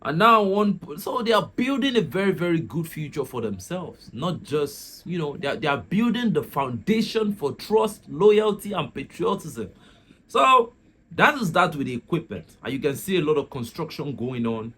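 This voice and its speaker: Male channel host from Nigeria, casual chatty commentary, animated delivery, laughs a lot. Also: on the high side, normal speed, breathy edge. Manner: chatty, laughs often, repeats words.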